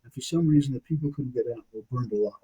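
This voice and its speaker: A man in his sixties with a New York accent tells a long personal story as a podcast guest. His voice is dark and slightly husky, and he keeps up an animated, anecdotal rhythm, checking in with the listener with "okay?". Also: mid-range voice, very fast, poor audio. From Brooklyn, New York.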